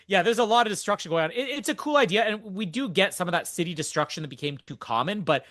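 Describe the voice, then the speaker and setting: A man's voice: high-pitched, animated, fast, fairly bright tone, no room sound, clean studio sound. A young man hosting a podcast, chatting casually and enthusiastically through a movie recap, rambling and laughing often. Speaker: podcast host.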